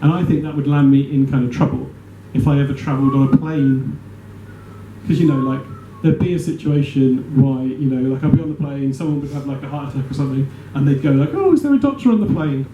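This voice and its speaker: A man performing a stand-up comedy set in a small venue, rambling and self-deprecating, with an animated delivery. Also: medium pitch, brisk, dull audio. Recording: echoey room with audience noise. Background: audience laughter.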